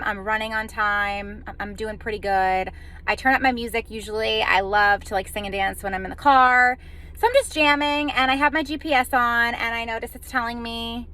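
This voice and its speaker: A woman with a slightly high, sharp-toned voice works as a home organizer and tells a funny story about her hectic week in a chatty vlog. She laughs at herself and acts out what people said.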